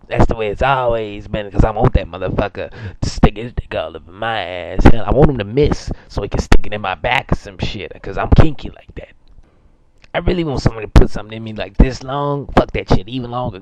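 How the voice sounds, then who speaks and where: Buried in heavy background noise on a muffled lo-fi amateur recording, a young man with a lowish, natural voice talks a little fast. He's improvising a comedy monologue as a crude, boastful, foul-mouthed character. The delivery rambles, stumbles, swears, and leans on many fillers.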